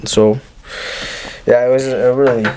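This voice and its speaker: A man in his twenties co-hosting a podcast, casually telling a personal story in an animated way with lots of fillers. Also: mid-range voice, unhurried, noisy background. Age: 20s. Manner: animated, acts out quoted voices, many fillers. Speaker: podcast co-host.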